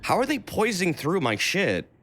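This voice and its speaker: A man talks over his gameplay in an animated, fairly high voice that leaps up and down, swearing freely and shouting at enemies. His stream audio carries a clear layer of background noise. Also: moderate pace. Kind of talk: casual gameplay commentary.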